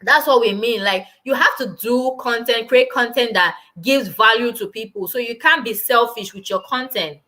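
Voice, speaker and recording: Bright, chatty young woman live-streaming. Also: fairly high pitch, normal speed, hardly any pauses. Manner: animated and chatty, exclamatory. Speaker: YouTuber hosting a live stream. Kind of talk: casual live-stream chat, reading viewer comments.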